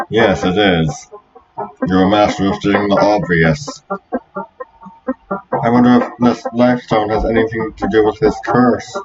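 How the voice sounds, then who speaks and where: A man's voice: on the low side, natural voice. A man reading a haughty princess. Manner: haughty and curt. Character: proud, prickly young princess. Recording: dull lo-fi recording.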